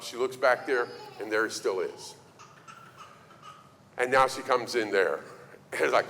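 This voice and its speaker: A man's voice: on the low side, slight background noise. A middle-aged man preaching a sermon on parenting, telling stories and acting out the voices in them. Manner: animated storytelling, acting out quoted voices. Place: church hall. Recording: reverberant hall, faint ambience.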